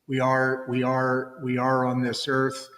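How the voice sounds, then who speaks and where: Male podcast host, medium pitch, reverberant sound; affirming interjections, reflective. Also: completely flat delivery, slow pace, fairly bright tone.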